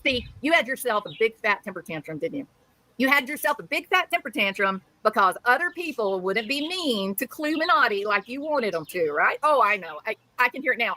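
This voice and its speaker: A woman's voice: a little high, big pitch swings, a little fast, sharp tone, no room sound, poor audio. A woman live streaming, ranting angrily and sarcastically at someone she criticizes. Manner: scolding, sarcastic. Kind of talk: angry ranting commentary.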